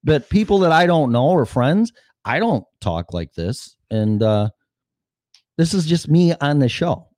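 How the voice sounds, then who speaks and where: A man's voice: on the high side, very animated, darkish tone, no room sound. Guy hosting his own show, swears a ton, voice jumps all over, dry close sound. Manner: blunt, swears a lot, quick restarts. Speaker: podcast host. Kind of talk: profane casual chat.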